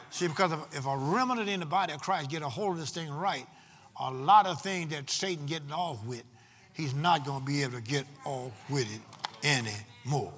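A man preaching a sermon from the pulpit, swinging between loud, drawn-out proclamations and quick, quiet asides to the congregation. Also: medium pitch, breathy edge, long reverb tail. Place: church sanctuary.

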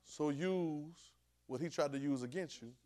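A man teaching a class in a relaxed, talky sermon style, pitched a little high. He keeps checking in with his listeners and swings between quiet asides and loud outbursts. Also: measured pace. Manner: call-and-response, keeps asking "right?"; swings from low murmur to sudden loud bursts. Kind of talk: conversational sermon.

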